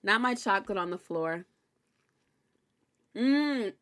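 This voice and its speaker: A young woman hosts a recap in loose, casual chat, candid and animated, with swearing dropped in freely. Her voice sits at a middling pitch for a woman but carries a bright, forward edge. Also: slow. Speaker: host recapping a TV episode.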